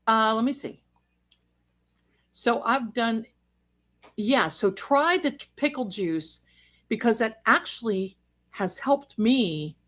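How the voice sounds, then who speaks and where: A woman's voice: on the high side, lively intonation, takes it slowly, long pauses, a bit bright. A middle-aged woman who grew up in Germany, chatting casually and rambling as she answers viewers during a livestream. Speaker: livestream host.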